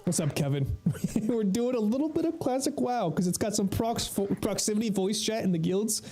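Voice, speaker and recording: A young man casually chatting through a gaming stream, relaxed, swearing and laughing. His voice is high-pitched yet mellow and dark in tone. Soft music runs quietly underneath. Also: moderate pace. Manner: laid-back, swearing, laughing often. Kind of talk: casual gameplay commentary.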